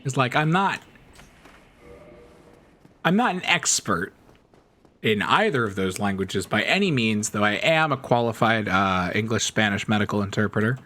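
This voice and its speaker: A man's voice: lowish voice, lively intonation, normal speed, pauses often, pushed and bright. A man streaming a game, telling stories in a rambling, chatty way and laughing often. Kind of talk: casual chat while gaming.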